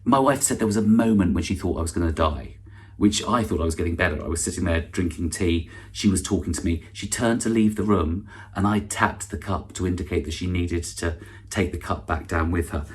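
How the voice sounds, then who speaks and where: A man's voice: deep voice, brisk, darkish tone. A middle-aged man hosting an online awards ceremony with a dry, self-deprecating stand-up monologue, full of false starts and asides. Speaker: awards host and comedian.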